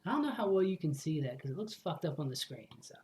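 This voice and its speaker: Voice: medium pitch, big pitch swings, fast, a little mellow, roomy sound, a little hiss or hum. A let's play host in casual commentary, rambling, swearing freely and correcting themself as they go.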